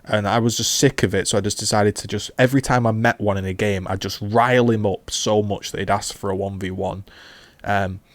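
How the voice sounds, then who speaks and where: A man's voice: fairly low pitch, dry recording. A man, a gaming YouTuber casually rambling through a retrospective with many fillers and restarts.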